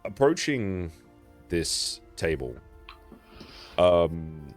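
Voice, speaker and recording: A man's voice: deep voice, big pitch swings, very slow, faint music behind. A man narrating as game master of a tabletop game in a casual, rambling way with many fillers.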